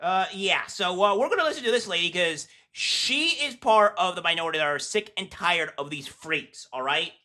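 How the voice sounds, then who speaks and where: Man, bright voice, sneering political commentary, lots of uh and um. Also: sits high, expressive. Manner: scornful, mocking, halting with fillers. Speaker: commentary host.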